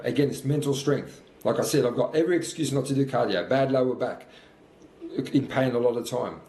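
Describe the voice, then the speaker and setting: A man's voice: medium pitch, expressive, a little fast, a little mellow. A man in his fifties, out of breath between sprints, giving earnest, repetitive motivational talk in a workout vlog. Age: 50s. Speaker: fitness coach. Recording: roomy sound with faint background noise.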